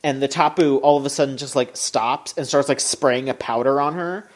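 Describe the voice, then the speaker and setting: Podcast co-host, mid-range voice, excitable recap with swearing, remote call mic. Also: normal speed. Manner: animated and swearing, pitch jumping up when excited. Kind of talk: casual chat, recapping an anime episode.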